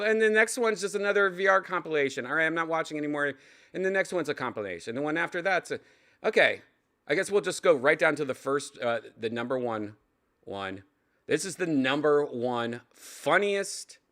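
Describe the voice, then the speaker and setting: A man hosting a casual reaction video, cursing, laughing and shouting in exasperation at what he watches. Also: fairly high pitch. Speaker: host reacting to a video list.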